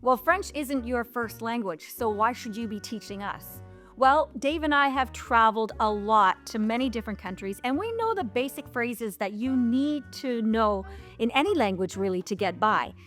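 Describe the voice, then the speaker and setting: A woman's voice: animated, normal speed, a bit bright, soft background music. A middle-aged woman from Canada, teaching travel phrases in a playful, casual chat. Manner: playful, raises pitch when speaking French. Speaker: travel vlogger.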